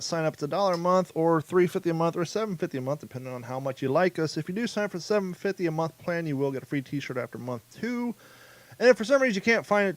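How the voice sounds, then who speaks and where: A man hosting a podcast in a loose, rambling way, with a touch of cursing. His voice sits a bit high for a man. The sound is dry and close, with no room around it. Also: dry recording. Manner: rambling, loose, swearing freely. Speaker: podcast host. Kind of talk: casual podcast chat.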